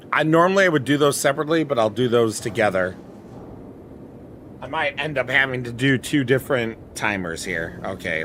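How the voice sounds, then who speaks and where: Slow-talking male streamer. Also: medium pitch, fairly bright tone, a little hiss or hum. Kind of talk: casual livestream chat with friends.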